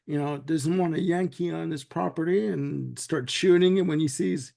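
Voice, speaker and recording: A man's voice: a little high, moderate pace, creaky, warm tone. A man hosting a casual podcast chat, rambling through a retelling with lots of "you know"s. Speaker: podcast host.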